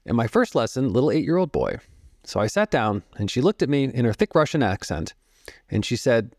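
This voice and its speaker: A man in his fifties, a podcast guest, telling stories about music and meditation in a calm, reflective way and explaining through analogies. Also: mid-range voice, moderate pace, no echo, clean studio sound. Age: 50s. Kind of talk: storytelling interview talk.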